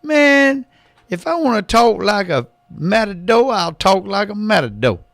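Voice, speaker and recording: A man's voice: big pitch swings, measured pace, gravelly, no echo, studio quality, exaggerated voice. A man voicing a brash, touchy male radio sidekick in a raised, cocky voice during radio banter. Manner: cocky, threatening, high and loud.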